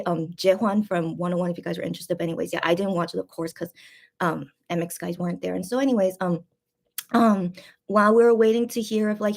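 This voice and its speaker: A woman's voice: medium pitch, darkish tone. A woman hosting a late-night livestream chat, emotional and close to tears, rambling with many fillers and repeated words. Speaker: fan channel host.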